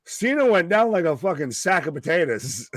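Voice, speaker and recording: A man's voice: fairly high pitch, normal speed, no room sound. A man co-hosting a live wrestling stream, talking casually, swearing often and jumping in over his co-host. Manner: profane, excitable, talks over others.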